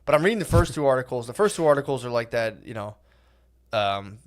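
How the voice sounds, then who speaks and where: Laid-back rambling podcast co-host. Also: male voice, medium pitch, expressive, fast talker. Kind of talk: casual chat.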